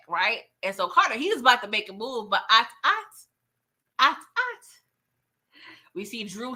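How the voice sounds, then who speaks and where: A woman's voice: on the high side, pushed and bright. A woman hosting a casual live show recap, chatty and laughing often, retelling scenes in quoted voices. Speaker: TV recap host.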